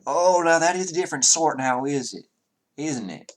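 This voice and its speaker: A man's voice: fairly high pitch, lively intonation, moderate pace, voice pushed up, lightly acted. A man from the Southern US voicing a polite, fussy Southern town official in a tabletop game, with a put-on Southern drawl. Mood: courteous drawl.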